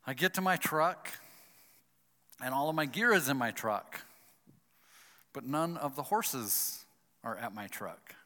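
A man's voice: mid-range voice, takes it slowly, long pauses. A man telling a personal story with a moral, acting out his own thoughts as he goes. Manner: animated, acts out his own inner thoughts. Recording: long hall reverb.

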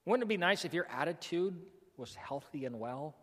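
High-voiced pastor preaching emphatically. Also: male voice, animated, moderate pace, fairly bright tone, long reverb tail. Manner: folksy, emphatic preaching with repetitions. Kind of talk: sermon.

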